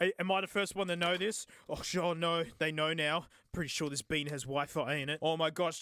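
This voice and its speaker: A man hosting a casual product-review vlog, excitable, joking and sarcastic as he talks. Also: sits high. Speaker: host.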